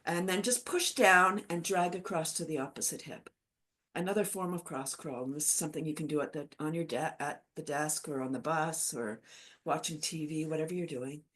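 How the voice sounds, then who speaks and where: A woman with a fairly low voice guides a laughter yoga session over a video call. Her delivery is chatty and cheerful, and she breaks into laughter while she explains the exercises. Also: fairly quick, fairly bright tone.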